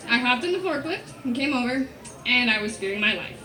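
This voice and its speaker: A woman at a memorial telling a lively anecdote about the deceased. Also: a little high, brisk. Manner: lively storytelling. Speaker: memorial speaker. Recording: echoey hall from far off, crowd behind.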